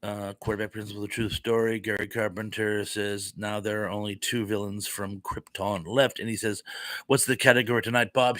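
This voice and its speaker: A man's voice: on the low side, level tone, moderate pace, fairly bright tone, dry recording. A man hosting a casual live stream, reading viewer comments aloud in a chatty, easily flustered way.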